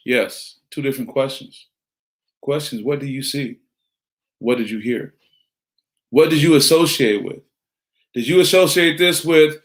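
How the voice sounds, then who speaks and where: A man's voice: mid-range voice, unhurried, long pauses. Middle-aged male motivational speaker, preachy, fond of rhetorical questions. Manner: preachy, rhetorical questions, greets listeners by name. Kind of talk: motivational talk.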